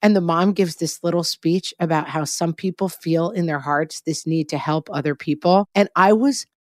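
A middle-aged woman co-hosting a podcast in casual chat, telling stories in an animated, self-mocking way. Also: lowish voice, moderate pace, dry recording, studio quality. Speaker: podcast co-host.

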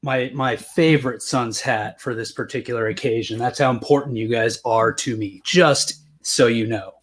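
A man's voice: medium pitch, moderate pace. Dry-humored man guesting on a podcast. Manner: dry, joking. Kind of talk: casual podcast chat.

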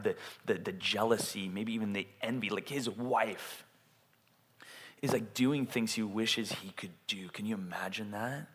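Man, casual sermon, bright forceful voice, lowish pitch, long hall reverb. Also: moderate pace, husky. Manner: casual, animated, acts out quotes. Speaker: pastor.

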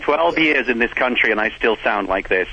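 English male phone-in guest, bright husky tone, chatty and self-mocking, dull lo-fi line. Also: mid-range voice, expressive, normal speed. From England. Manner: chatty, self-deprecating, stumbles over repeated words. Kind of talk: casual radio chat. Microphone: telephone.

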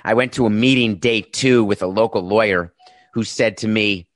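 A man's voice: fairly low pitch, moderate pace, no echo, clean studio sound. A middle-aged man, a former baseball team executive, giving an opinionated commentary monologue with emphatic, sarcastic, punchy delivery.

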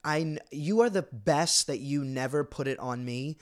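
A man's voice: on the high side, a little slow. A young man co-hosting a podcast, talking in a casual, emotional way with many restarts and self-blame. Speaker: podcast co-host. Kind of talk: casual chat.

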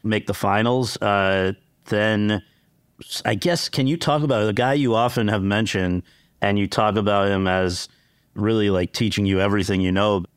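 A male interviewer asks halting, meandering questions. His low voice is smooth and clean. The sound is dry and close. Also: dry recording.

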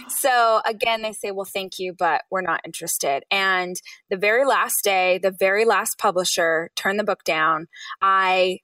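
A woman in her thirties, an author guest on an interview podcast, telling her story with lively acted-out quotes. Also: moderate pace, dry recording, recorded from a distance. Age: 30s. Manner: animated, acts out quotes with high bursts.

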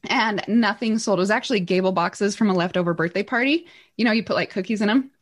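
A woman telling a motivational story, animated, acting out the voices in her quotes with big jumps in pitch. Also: fast talker. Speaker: guest speaker.

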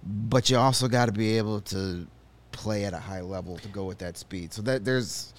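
A man's voice: fairly low pitch, moderate pace. A man co-hosting a sports podcast, giving opinions and joking in casual chat. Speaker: podcast co-host. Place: studio.

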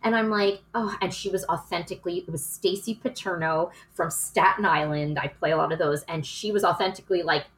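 A woman in her forties, an actress and producer, telling animated, emotional stories in a casual podcast chat. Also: fairly low pitch, brisk, few pauses, slight background noise. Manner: chatty storyteller, emotional and animated.

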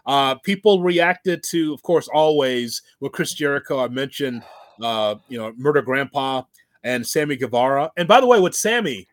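A man co-hosting a casual wrestling podcast, talking in an animated way and acting out quotes with laughter. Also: mid-range voice, moderate pace, no room sound, studio quality. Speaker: podcast co-host.

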